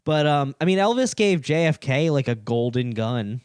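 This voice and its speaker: A man co-hosting a casual comedy podcast, quick to laugh and jumping into bits. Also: mid-range voice, animated, smooth, no echo, clean studio sound. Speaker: podcast co-host.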